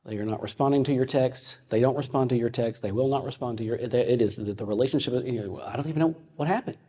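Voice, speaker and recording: A man in his fifties teaching a ministry audience in a conversational way, telling personal stories with frequent halting restarts. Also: medium pitch, steady tone, dark tone, slightly rough. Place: meeting room with an audience. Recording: long hall reverb.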